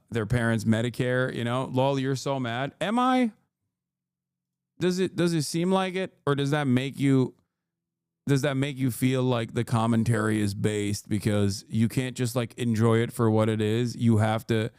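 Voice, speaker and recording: A man in his thirties talks through a casual reaction stream with a mocking, sarcastic edge, laughing as he goes. His voice is smooth and resonant, recorded close and dry. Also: medium pitch, darkish tone, dry recording.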